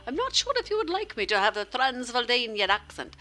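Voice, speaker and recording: A flirtatious male shopkeeper with a put-on Southern drawl, as a woman streamer plays him, teasing and sultry as he talks from a story game. The voice is bright and cutting, swinging up and down with lively pitch, with soft music faintly underneath. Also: brisk. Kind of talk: reading game dialogue aloud on stream.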